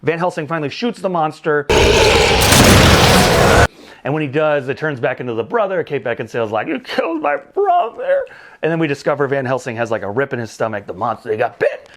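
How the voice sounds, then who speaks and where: A man's voice: medium pitch, quick pace, slight background noise. A man hosting a casual movie review show, recapping the plot with jokes, exasperated asides and casual swearing.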